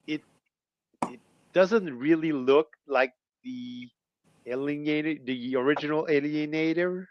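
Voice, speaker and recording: A man's voice: a little high, a little slow, no room sound, highs cut off. A man from Canada co-hosting a casual chat, hesitant and stammering with repeated words. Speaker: co-host.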